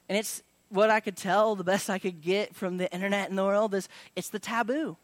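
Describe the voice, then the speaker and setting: A man's voice: sits high, no room sound. A young adult male pastor preaching a sermon in a casual, conversational way, with many fillers and restarts.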